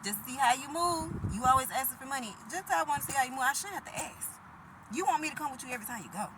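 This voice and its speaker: A high-pitched woman, blunt and full of profanity as she preaches to the camera. Her emphatic, casual delivery comes through over steady background noise with vehicles passing. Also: quick pace. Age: 30s.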